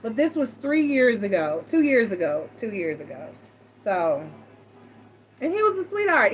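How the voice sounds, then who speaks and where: A middle-aged woman telling personal stories to a live chat, animated and acting out what others said. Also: high-pitched, slight background noise, poor audio. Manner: animated, acts out quoted voices, frequent self-restarts. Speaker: tarot reader and live chat host. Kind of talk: casual storytelling to a live chat.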